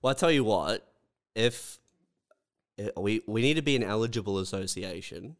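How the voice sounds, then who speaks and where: A man co-hosting a podcast in casual banter, reading out rules with a dry, deadpan delivery. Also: fairly low pitch, normal speed. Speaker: podcast co-host.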